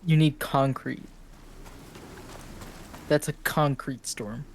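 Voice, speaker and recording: A man's voice: a little high, fairly even intonation, slow pace, slight background noise. A man playing a co-op game with friends, joking bluntly and swearing casually. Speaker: player, co-op teammate. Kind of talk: casual chat while gaming.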